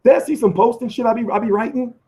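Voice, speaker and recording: Speaking at an extremely high pitch and a quick pace, an American boxing commentator answers his live-stream viewers. He curses freely, gets worked up, and often circles back to restart or repeat what he's saying.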